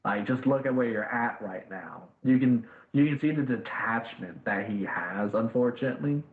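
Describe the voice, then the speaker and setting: A man's voice: mid-range voice, moderate pace. A man narrating as game master in a tabletop game, in a loose, casual way. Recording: echoey tinny voice-chat line.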